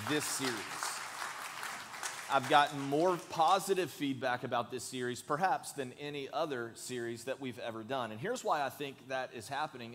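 A man's voice: medium pitch, a bit bright, a little hiss or hum. A man preaching a sermon as pastor in a church, earnest and emphatic, leading the congregation in saying lines together. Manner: earnest, emphatic, leads the congregation in call-and-response. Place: large church sanctuary. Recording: long hall reverb.

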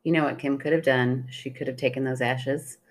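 A woman's voice: rumbling low, fairly even intonation, fairly quick. A woman co-hosting a podcast, chatting playfully with her sister, laughing and agreeing often. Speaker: podcast co-host. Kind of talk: casual chat.

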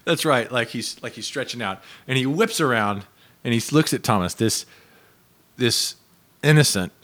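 A man's voice: medium pitch, lively intonation, moderate pace, fairly bright tone. A man on a podcast, telling a shared story in casual chat and breaking into giggles. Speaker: podcast host.

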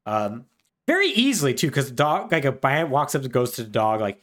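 A man's voice: mid-range voice, sing-song, brisk, a bit bright. A man co-hosting a podcast, recapping a game plot in a chatty, wry way with lots of fillers. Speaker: podcast co-host.

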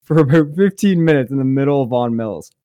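A man, co-hosting a podcast, telling stories in a jokey, animated way. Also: medium pitch, fast, no room sound, lo-fi sound. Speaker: podcast co-host. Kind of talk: casual storytelling chat.

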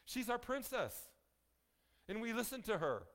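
A male pastor preaching a sermon in a folksy, joking way, slowing down to stress key phrases. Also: very high-pitched, big pitch swings, a bit bright. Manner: folksy, joking asides to the congregation; emphatic, slows down on key phrases.

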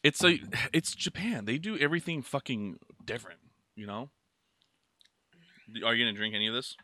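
A man co-hosting a podcast in casual chat, blunt, with constant swearing and loud riffs. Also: medium pitch, lively intonation, moderate pace. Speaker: podcast co-host.

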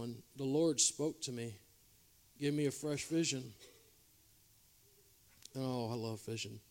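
A man preaching a revival sermon as a pastor, swinging between loud exhortation and quiet, confessional asides to the congregation. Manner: preaching with shifting loudness, from shouting highs to quiet confessional lows. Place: church revival service.

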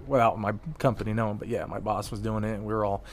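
A man's voice: on the low side, flat delivery, fast talker, slight background noise. A man in his late twenties, a podcast guest telling stories casually and animatedly, swearing freely. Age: late 20s. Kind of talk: casual storytelling.

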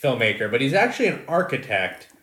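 A man co-hosting a podcast, chatting casually about films, relaxed and swearing now and then. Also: mid-range voice, fast. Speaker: podcast co-host. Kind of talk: casual film chat. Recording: roomy echo.

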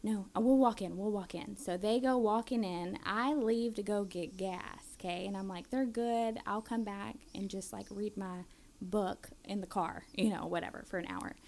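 A woman's voice: mid-range voice, steady tone, normal speed, darkish tone. A woman in her thirties telling a family story casually and animatedly, acting out her kids' voices.

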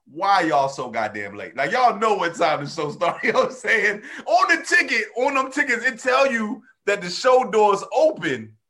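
A man's voice: high-pitched, moderate pace, few pauses. A male comedian telling stories in casual chat, laughing often and acting out the people he quotes. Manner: animated storytelling, acts out quotes, laughs often. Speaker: comedian, podcast co-host.

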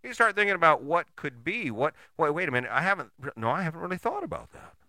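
A man's voice: on the high side, very animated, fast talker, pushed and bright, dry recording, clean studio sound. A man giving a blunt, profane, emphatic motivational monologue, full of rhetorical questions and restarts.

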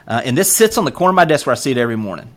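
A man with a Southern US accent tells his story in casual interview chat. His pitch rises and falls widely as he gets going. He talks earnestly and keeps stopping to say um and you know. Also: rapid-fire. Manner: earnest, animated storyteller with many fillers. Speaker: podcast guest.

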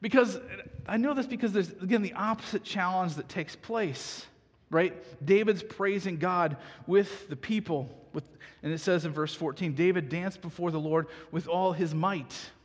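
A man preaching a sermon in a lively, animated way, acting out voices and laughing at himself now and then. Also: high voice, normal speed, breathy edge, long reverb tail. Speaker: pastor.

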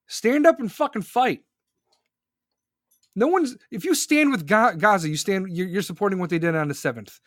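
A man's voice: high voice, animated, moderate pace, no echo, studio quality. Furious, profane man ranting. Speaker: podcast host. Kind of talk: angry political rant.

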